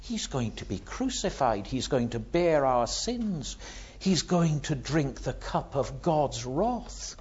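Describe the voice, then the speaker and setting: A man preaching a sermon, dramatic, swinging from hushed words to loud ones. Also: medium pitch, big pitch swings, slow, slightly rough, highs cut off.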